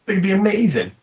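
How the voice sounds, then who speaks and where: Husky excitable guy on a podcast, stumbles and repeats himself, voice goes up and down. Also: high-pitched, dull audio. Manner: enthusiastic, halting, repeats words. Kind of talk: casual podcast chat.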